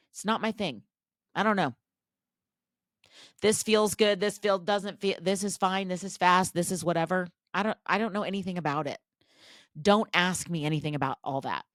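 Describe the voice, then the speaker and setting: A woman's voice: medium pitch, fairly bright tone, no room sound, studio quality. A woman hosting a podcast, talking in a casual, chatty, self-deprecating monologue full of restarts and asides. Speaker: podcast host.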